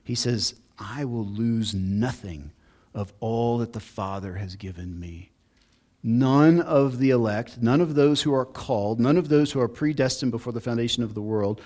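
A man's voice: medium pitch, darkish tone. A man preaching a sermon as pastor, earnest and building emphasis on key points.

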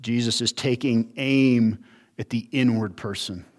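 A man's voice: mid-range voice, fairly even intonation, a little slow. A man preaching an expository sermon as pastor, in an earnest teaching manner that poses rhetorical questions and shifts his emphasis often.

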